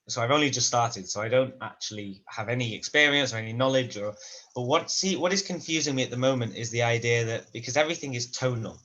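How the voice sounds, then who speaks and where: A man's voice: mid-range voice, fairly bright tone, muffled recording. Man thinking aloud with many restarts. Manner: thoughtful and rambling, with many restarts. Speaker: language student in a conversation class. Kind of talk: casual spoken-practice conversation.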